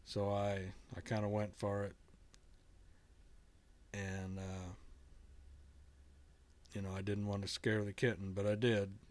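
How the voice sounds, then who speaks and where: A middle-aged man casually telling a story to camera in a halting, earnest way, often restarting his sentences. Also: on the low side, little pitch movement. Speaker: vlogger telling a kitten rescue story.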